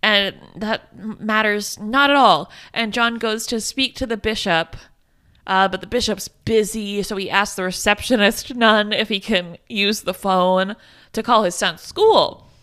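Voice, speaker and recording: A woman's voice: medium pitch, measured pace, fairly bright tone. A woman co-hosting a podcast, recapping a film in casual chat, laughing often and making sarcastic, profane asides. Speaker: podcast co-host.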